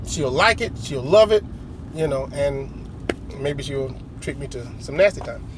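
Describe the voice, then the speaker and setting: With a mid-range voice, lively intonation and an unhurried pace, a middle-aged man from the United States vlogs a long, meandering story. His style is slangy and relaxed, and he frequently acts out what others said. Background noise is audible.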